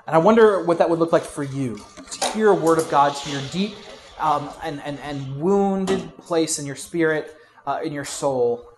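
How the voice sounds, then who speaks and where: A pastor preaches conversationally in a fairly high voice at a moderate pace, with fillers and restarts, moving from loud emphasis to quiet asides.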